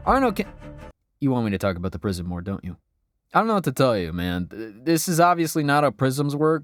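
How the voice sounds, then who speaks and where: A man narrating a scripted video game review with dry, sarcastic asides. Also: mid-range voice.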